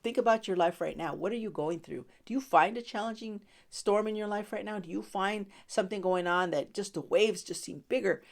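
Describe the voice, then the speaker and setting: A woman's voice: medium pitch, a little fast, vocal fry, hardly any pauses. A woman hosting a devotional podcast, speaking in a conversational way, with many fillers and frequent laughter. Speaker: podcast host and Bible teacher.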